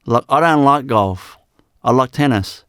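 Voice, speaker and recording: A man giving a live spiritual talk as teacher, unhurried and repeating his phrases with many "you know"s. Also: medium pitch, a bit bright, dry recording, studio quality.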